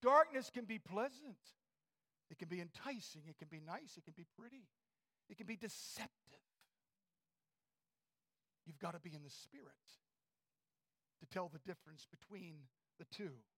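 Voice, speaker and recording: A male preacher giving a fervent sermon in a church, swinging from shouts to near whispers. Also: sits high, animated, normal speed, creaky, long pauses, slightly rough.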